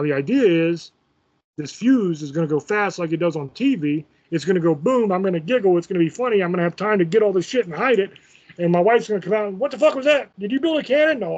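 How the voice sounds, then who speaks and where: A man's voice: high-pitched, darkish tone, lo-fi sound. A man casually telling a profane, self-mocking story as host of his own show.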